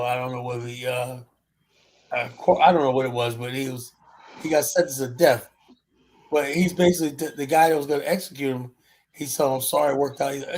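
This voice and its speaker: A man's voice: mid-range voice, vocal fry, a little mellow, low-quality recording. A man in a casual group conversation, recounting a film he half remembers and trailing off as he restarts. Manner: rambling recollection, trails off and restarts.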